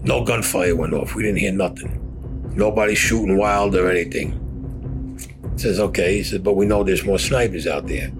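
A man's voice: low-pitched, moderate pace, music in the background. An older man, a war veteran, recounting his combat memories in a blunt, profane storytelling way.

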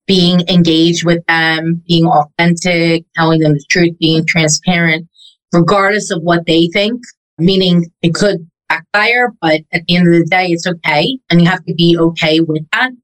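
A woman real estate agent talking as an interview guest, animated and quick to rattle off lists of questions. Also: fairly low pitch, low-quality recording. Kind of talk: casual interview talk.

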